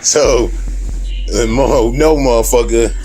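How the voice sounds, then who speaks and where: A man rambles through a casual video diary, swearing in nearly every sentence and laughing between lines. His voice sits at an average pitch, and faint music plays behind him. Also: slow. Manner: heavy cursing, laughs often, animated when telling stories. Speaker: video diarist. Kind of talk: profane casual storytelling.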